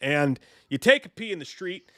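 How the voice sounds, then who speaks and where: A man's voice: fairly high pitch, big pitch swings, moderate pace, bright, forceful tone, no echo, studio quality. A man voicing Doctor Chalice, a tipsy middle-aged doctor who rambles and meanders through a story. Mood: rambling.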